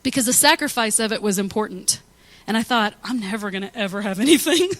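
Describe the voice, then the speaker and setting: A woman pastor delivers a relaxed, conversational sermon. She tells personal stories and acts out quoted asides. Her voice sits a bit high, and she laughs often as she talks. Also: fast, few pauses. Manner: chatty, anecdotal, laughs often; animated storytelling with quoted asides.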